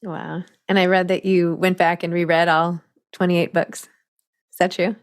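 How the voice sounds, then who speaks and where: A woman's voice: fairly low pitch, little pitch movement, unhurried, smooth. Gushing, laughing female interviewer. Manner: effusive, gushing, laughs often. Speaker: host interviewer. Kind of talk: casual chat interview.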